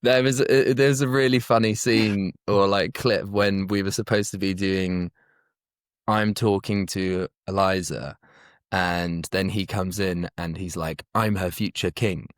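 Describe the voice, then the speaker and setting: A British actor talks as an interview guest in an easygoing, joking way, full of fillers. His voice is low and deep. The sound is dry and close. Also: steady tone, measured pace, clear, resonant tone, dry recording. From Britain. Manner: laid-back, joking, filler-heavy. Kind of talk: casual interview chat.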